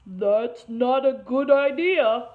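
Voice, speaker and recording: A woman voicing a sensible grown man in a storybook reading, giving measured warnings, on a muffled lo-fi recording. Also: fairly high pitch. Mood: cautioning. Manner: measured, cautionary. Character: sensible grown man selling building supplies.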